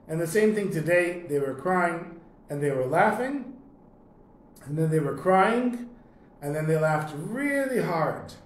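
A man teaching a lesson, telling a long story in a relaxed, conversational way and often clearing his throat. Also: on the high side, slow pace, long pauses. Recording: echoey room, faint noise.

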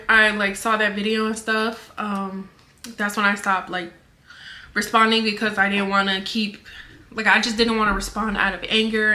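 A woman's voice: mid-range voice, pushed and bright. A young woman, a vlogger, talks to camera in an earnest and defensive way, with many fillers. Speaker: vlogger answering rumors. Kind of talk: casual personal statement to camera.

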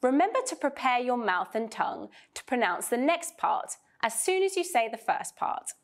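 A woman teaching English pronunciation in a slow, scripted lesson, drilling sounds clearly and deliberately. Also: fairly high pitch, big pitch swings.

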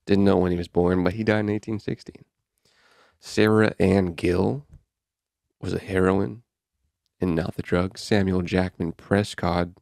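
Casual podcast chat from a male host who reads headlines out loud and comments on them wryly and offhandedly. His fairly low voice is creaky and a little mellow, and the clean studio audio has no room sound.

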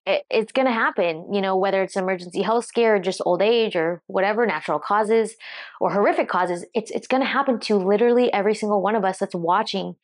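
A woman fitness coach, tearful, speaking reflectively to the camera with halting restarts. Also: medium pitch. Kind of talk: emotional talk to camera. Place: seated at home.

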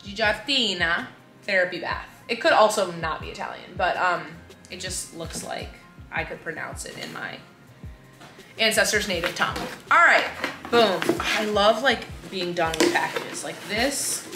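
A woman's voice: fairly low pitch, expressive, moderate pace. Gushing young woman unboxing, roomy sound. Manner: gushing, gasping, chatty. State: tired. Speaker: lifestyle influencer. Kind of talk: casual vlog unboxing chat. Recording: roomy sound with loud music behind. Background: background music.

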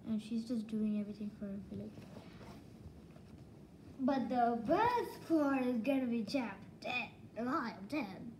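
A woman giving a casual book review, retelling the story excitedly with many restarts and false starts. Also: fairly high pitch, moderate pace, slight background noise, low-quality recording.

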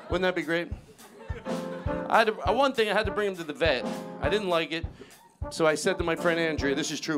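A man performing a live stand-up comedy set, loud and animated, chatting with the audience and the band. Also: fairly high pitch, fast talker. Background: band music and audience laughter.

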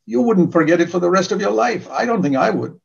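Older guy preaching, gravelly fairly high voice, dull lo-fi sound, earnest and emphatic. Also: expressive, fast talker. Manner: earnest, emphatic, repeats key words. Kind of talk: sermon.

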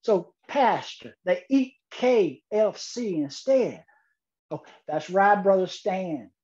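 A man delivers a comic speech, letting the pauses do the work. His voice is unhurried and mellow. It comes through muffled online conference audio. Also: high voice, lively intonation. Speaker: keynote speaker. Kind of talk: humorous contest speech.

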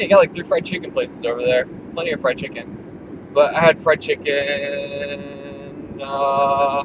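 A man, telling a rambling, casual story while driving his car. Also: medium pitch. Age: 20s. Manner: rambling, filler-heavy, laid-back. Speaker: vlogger. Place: inside a moving car. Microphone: camera or phone in the car. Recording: loud car road noise. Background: road and engine noise.

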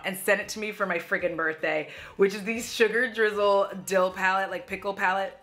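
A woman's voice: medium pitch, fairly even intonation, moderate pace, hardly any pauses, a bit bright, soft background music. A woman chatting in a casual beauty haul vlog, gushing and playful with lots of asides. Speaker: beauty vlogger. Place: at home.

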